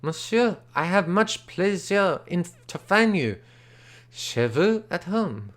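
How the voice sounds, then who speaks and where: A man putting on an excitable little Frenchman. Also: slow pace, full character voice. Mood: indignant. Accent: put-on French accent. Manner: broken English, indignant, high exclaiming.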